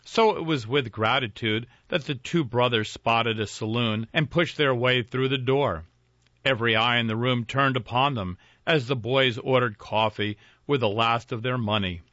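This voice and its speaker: A man narrating a folk ghost story in a measured, dramatic reading. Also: medium pitch, sharp tone, no room sound. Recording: dry, dull lo-fi with faint music.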